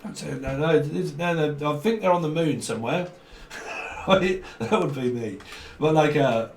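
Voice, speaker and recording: A British tarot reader with a slightly high voice talks at a normal pace through a rambling, casual reading. He's chatty and jokey, laughs a lot, and drops into slang and mock voices. The room echoes, the mic sits far off, and there's faint background noise.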